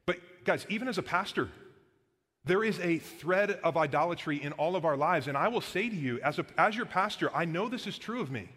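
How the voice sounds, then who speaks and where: A man's voice: on the high side, animated, fairly quick, a bit bright, breathy edge, in a large hall. A man preaching as pastor, casual and earnest, with frequent "like" and "guys" between points. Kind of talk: sermon. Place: church sanctuary.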